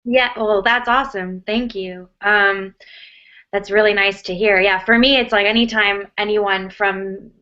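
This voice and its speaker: A woman's voice: mid-range voice, steady tone, unhurried, bright, forceful tone. An American woman answering interview questions casually, chatty with lots of fillers and restarts. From United States. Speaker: actress, interview guest. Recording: muffled lo-fi audio.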